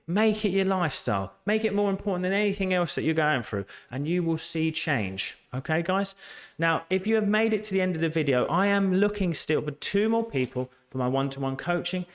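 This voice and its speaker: A man working as a life coach, talking to camera in an earnest, emphatic way and repeating key phrases. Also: on the high side. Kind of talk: motivational talk to camera.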